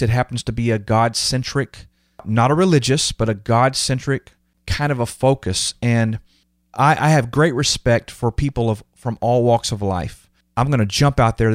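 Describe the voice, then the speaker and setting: A man's voice: mid-range voice, no echo, studio quality. A man hosting a podcast, telling personal stories in an earnest, emotional, casual way and acting out what others said to him. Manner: earnest, emotional, animated retelling of quotes. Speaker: podcast host. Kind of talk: casual conversational storytelling.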